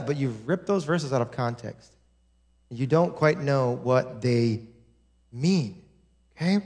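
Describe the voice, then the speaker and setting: A man preaching a sermon as pastor, repeating lines and building to shouts. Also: fairly high pitch.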